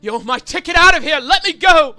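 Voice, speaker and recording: A man voicing a frantic, panicked male kenku, a bird-like humanoid, yelling shrilly in a tabletop game. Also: extremely high pitch, animated, moderate pace, dry recording, soft background music, pitched above the performer's own voice, full character voice. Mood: desperate.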